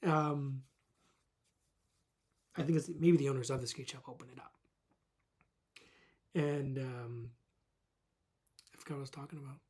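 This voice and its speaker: A man's voice: medium pitch, steady tone, unhurried, long pauses, darkish tone, breathy edge. A young man from Calgary ranting casually to camera as a vlogger, swearing a lot, laughing often and rambling. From Calgary, Canada.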